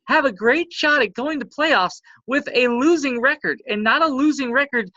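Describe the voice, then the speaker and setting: A woman's voice: high-pitched, moderate pace, no room sound. A woman co-hosting a casual podcast, running through league standings. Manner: rundown of standings with lively ups and downs. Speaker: co-host. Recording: dry, dull lo-fi audio.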